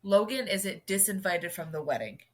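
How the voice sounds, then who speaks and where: A woman's voice: medium pitch, lively intonation, moderate pace. A young woman co-hosting a book podcast, speaking emphatically and getting indignant over characters. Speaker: podcast co-host. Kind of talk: casual book review chat.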